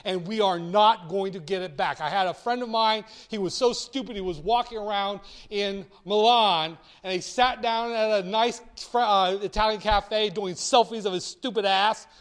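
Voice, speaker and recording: A man's voice: high-pitched, a bit bright. A man lecturing on finance in a blunt, theatrical way, acting out little dialogues. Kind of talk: recorded lecture.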